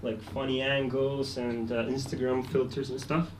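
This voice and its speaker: A young man from Poland, doing a deadpan, self-deprecating stand-up set on a comedy club stage. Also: medium pitch, normal speed. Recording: echoey club, mic at a distance, loud noise. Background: audience laughter.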